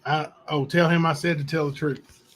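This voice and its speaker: A man hosting a channel, reading letters aloud to viewers in a plain, unhurried way with asides. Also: fairly high pitch, little pitch movement, slight background noise. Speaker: channel host.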